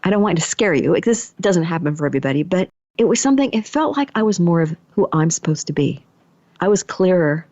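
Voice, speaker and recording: A woman's voice: on the low side, lively intonation, fast, a little mellow, dry recording. A middle-aged woman hosting a podcast, telling a personal story in a chatty way and acting out the lines she quotes. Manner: chatty, acts out quoted thoughts and dialogue. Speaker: podcast host and energy healer. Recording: dry, slightly dull podcast mic.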